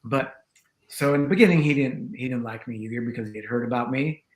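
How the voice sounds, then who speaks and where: Tantra teacher, male, middle pitch, rambling storyteller, roomy echoey room. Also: quick pace. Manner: chatty and rambling, full of "you know" and acted-out quotes. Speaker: tantra teacher, interview guest. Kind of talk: storytelling in a conversation. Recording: roomy echo.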